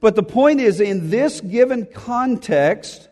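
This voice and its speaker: A man's voice: high-pitched, animated, slow, darkish tone. A man preaching an expository sermon, reading scripture aloud and explaining it verse by verse, stressing key phrases by repeating them. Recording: long hall reverb.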